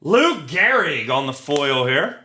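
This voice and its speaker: A man's voice: a little high, very animated, takes it slowly, sharp tone. A man hosting a live card break, reading out pulls with crude, joking banter. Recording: roomy with faint noise.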